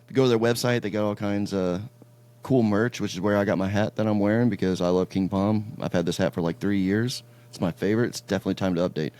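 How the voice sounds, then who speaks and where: Chill guy hosting a podcast, lowish voice, rambly laid-back stories. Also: fairly even intonation, quick pace, darkish tone. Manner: laid-back storytelling, swears casually. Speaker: podcast host. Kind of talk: casual chat.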